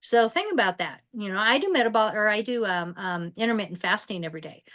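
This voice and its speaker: Middle-aged woman presenting on a video call, chatty, lots of ums and restarts, average pitch. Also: lively intonation, quick pace, a bit bright. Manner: conversational with frequent fillers and restarts. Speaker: wellness presenter. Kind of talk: casual presentation.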